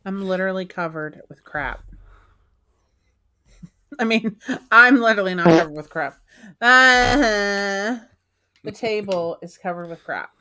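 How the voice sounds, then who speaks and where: A woman's voice: mid-range voice, slow, long pauses, pushed and bright. A woman co-hosting a live stream, chatting casually, laughing often and poking fun at herself. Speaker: co-host of a live selling stream. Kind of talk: casual chat.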